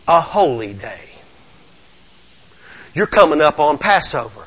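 Preacher, high and bright, folksy, swings quiet to loud. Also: male voice, expressive, slow, long pauses, low-quality recording. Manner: fervent, folksy, swings from low murmurs to shouting. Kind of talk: sermon.

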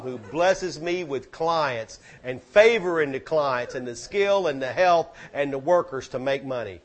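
A man preaching a sermon, exhorting the congregation and rising to loud peaks. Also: mid-range voice, animated, a little slow, few pauses. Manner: exhorting, swings to shouting peaks.

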